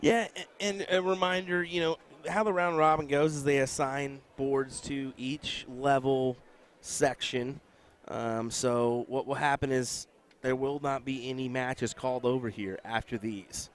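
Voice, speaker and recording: A man's voice: medium pitch, steady tone, measured pace, hardly any pauses. A man doing live darts commentary, dry and teasing with his co-host, explaining the schedule and the play from a casino event hall.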